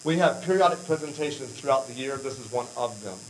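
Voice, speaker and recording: A man's voice: mid-range voice, lively intonation, quick pace, rough recording. American guy giving a mission talk at church, earnest, lots of ums and restarts, bit of hum in the background. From United States. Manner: earnest, rambling, with frequent fillers and restarts. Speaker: mission speaker.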